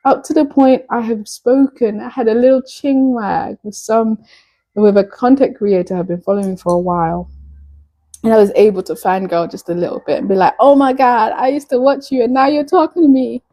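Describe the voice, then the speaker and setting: A woman's voice: a little high, normal speed, mellow, low-quality recording. A woman from Nigeria chatting playfully and flirtatiously with viewers on a casual live stream.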